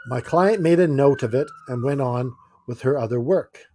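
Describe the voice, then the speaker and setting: A man's voice: mid-range voice, moderate pace, dark tone. A man co-hosting a casual podcast, telling stories and laughing often as he acts out quoted lines. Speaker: podcast co-host. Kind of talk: casual chat.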